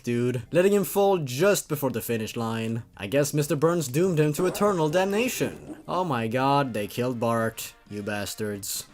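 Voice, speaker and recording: A man hosting a comedic read-through of bad horror stories, sarcastic and mocking and prone to laughing. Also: mid-range voice. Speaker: YouTube host reviewing creepypastas.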